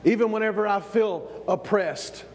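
High-voiced preacher in a hall. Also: male voice, normal speed, a little hiss or hum. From American South. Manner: repeats words when building up, calls for amens. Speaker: pastor. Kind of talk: sermon. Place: church.

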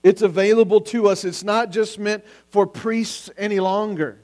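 A man with a notably high voice delivers a Sunday sermon. He speaks with earnest urgency, stacking question upon question and now and then stumbling and restarting a word. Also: steady tone, moderate pace, a little mellow. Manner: earnest preaching with repeated questions, sometimes restarting words. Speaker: pastor.

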